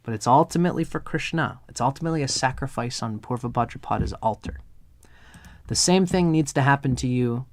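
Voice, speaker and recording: A man's voice: medium pitch, a little fast. A man giving a live astrology chart reading, earnest and meandering, drifting into storytelling.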